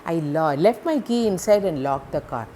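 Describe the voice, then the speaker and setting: A woman's voice: lowish voice, expressive, normal speed, warm tone, a little hiss or hum, natural voice. A woman voicing a worried, affectionate middle-aged mother. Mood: pleading. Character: anxious middle-aged mother, warm and grateful.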